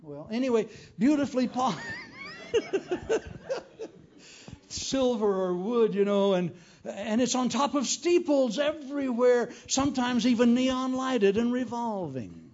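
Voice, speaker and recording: A man's voice: extremely high pitch, a little slow. A man preaching a humorous sermon as an evangelist, telling folksy stories with jokes. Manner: folksy, joking, animated storytelling. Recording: dull lo-fi recording.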